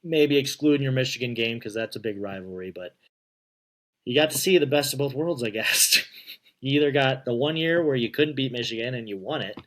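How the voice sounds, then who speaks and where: Man, podcast co-host, casual and chatty, mid pitch, quick to laugh. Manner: chatty, laughing, asks questions. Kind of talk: casual sports chat.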